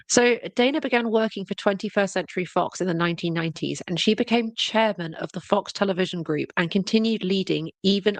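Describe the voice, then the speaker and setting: A woman's voice: mid-range voice, vocal fry, dry recording. A woman co-hosting a fan podcast, candidly chatting through news she reads from notes. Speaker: podcast co-host. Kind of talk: casual chat reading news.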